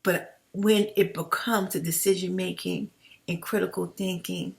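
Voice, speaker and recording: A woman's voice: fairly low pitch, fairly even intonation, measured pace, gravelly. A woman, talking straight to her viewers as "family" in an impassioned commentary vlog. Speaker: YouTube commentator. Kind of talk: direct-to-camera commentary vlog.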